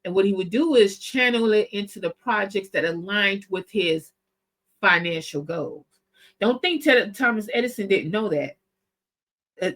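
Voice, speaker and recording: A woman hosting a show, talking through history in a casual, animated, slangy way. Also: medium pitch, low-quality recording. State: coughing spell. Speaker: host. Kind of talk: casual commentary.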